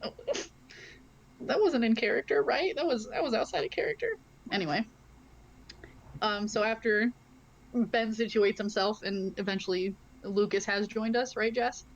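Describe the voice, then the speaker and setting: A woman's voice: a little high, measured pace, pauses often, muffled recording. A woman playing a tabletop game, chatting casually and laughing often. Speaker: player. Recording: faint background noise.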